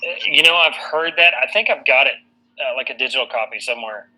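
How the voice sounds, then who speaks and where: A man teaching, chatting casually with his students over a video call from home, relaxed and joking. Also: medium pitch, quick pace, rough recording. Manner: easygoing, relaxed banter with students. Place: at home indoors. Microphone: computer mic on a video call.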